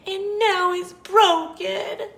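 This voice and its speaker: Woman as a squeaky, whiny little bear cub, storybook reading, roomy sound. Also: fairly even intonation, extremely slow, creaky, a bit bright, full character voice. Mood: upset. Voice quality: high and squeaky. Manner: whiny, upset. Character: tiny young male bear cub, squeaky.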